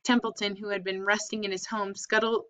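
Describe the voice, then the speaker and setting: A woman's voice: mid-range voice, little pitch movement, fairly quick, a bit bright. Woman reading a children's book aloud. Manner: plain reading with small slips and self-corrections. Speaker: reader. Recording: slightly dull lo-fi recording.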